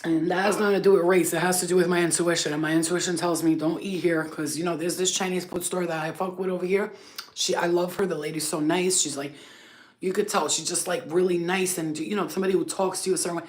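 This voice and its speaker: Her voice sits on the low side with fairly even intonation, and she talks fast. An Albanian-background host of a spiritual healing channel, she rambles bluntly and profanely to camera in an off-the-cuff rant, using lots of fillers.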